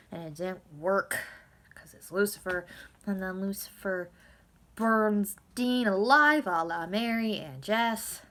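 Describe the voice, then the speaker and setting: A woman giving a casual, rambling recap of a TV episode, swinging between loud outbursts and whispers. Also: medium pitch. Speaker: video blogger recapping a TV episode.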